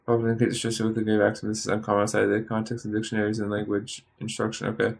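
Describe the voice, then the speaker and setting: A tired man studying on a stream, thinking aloud in a halting, muttering way and sounding out practice words. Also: on the low side, completely flat delivery, gravelly. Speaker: language learner streaming study.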